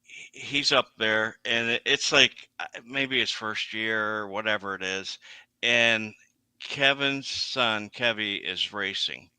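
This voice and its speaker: A man telling racetrack anecdotes in a casual chat, halting and restarting often. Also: on the low side, bright, forceful tone, clean tone, no room sound.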